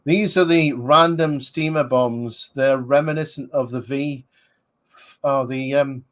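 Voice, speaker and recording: A man's voice: mid-range voice, steady tone, measured pace, fairly bright tone. A man, rambling casually as a podcast host reviewing a film, with many fillers. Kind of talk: casual movie commentary.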